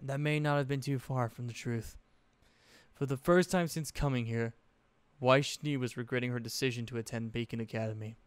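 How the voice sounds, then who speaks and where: A man's voice: mid-range voice, steady tone, normal speed, clean tone, no echo. A man reading a story aloud expressively, correcting his own slips now and then. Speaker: fanfiction narrator.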